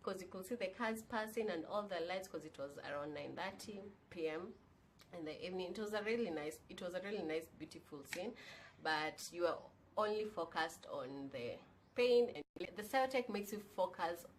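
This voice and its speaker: A woman's voice: fairly low pitch, lively intonation, normal speed, a little hiss or hum. A young woman, casually and candidly telling a personal story on her vlog, now and then slipping in Swahili phrases. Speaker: vlogger.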